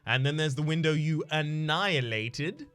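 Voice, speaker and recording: A man voicing a gruff middle-aged male bar manager who haughtily demands money. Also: on the high side, expressive, normal speed, a bit bright, faint music behind. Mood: demanding.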